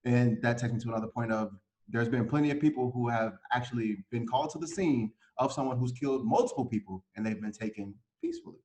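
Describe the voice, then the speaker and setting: A man's voice: medium pitch, fast talker, hardly any pauses, a little mellow. A man hosting a panel discussion, who builds a pointed question step by step. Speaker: host.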